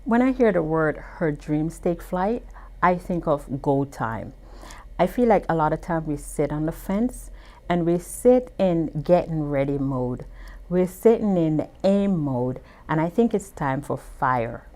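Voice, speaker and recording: A woman's voice: low voice, expressive, a little slow, mellow. A woman business owner being interviewed, telling her story emphatically and repeating words as she builds.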